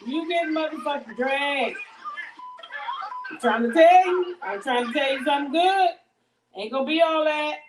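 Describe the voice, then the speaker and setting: A middle-aged woman talks bluntly and profanely on a casual home live stream, cooking while she talks. Her voice sits a little high. She stands a bit back from the phone, so the voice sounds somewhat distant. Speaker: livestream host. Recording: voice a bit off-mic.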